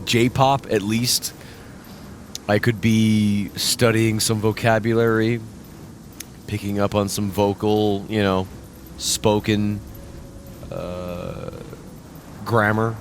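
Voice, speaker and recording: A man's voice: on the low side, level tone, slow, long pauses, slight background noise. A man streaming a video game, chatting casually and tipsy from drinking, with a profane, rambling, self-mocking manner. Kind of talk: casual live-stream chat. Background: game music.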